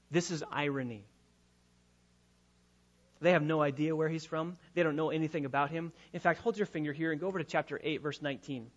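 Man, high voice, preaching a sermon, soft asides then loud emphasis, muffled lo-fi sound. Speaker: pastor.

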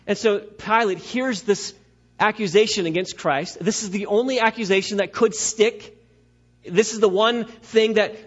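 A man preaching a sermon, emphatic and direct with his listeners, swinging from loud declarations to hushed asides, on a dull lo-fi recording. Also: high voice. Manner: addresses the congregation directly, urging them to stay with him. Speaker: pastor.

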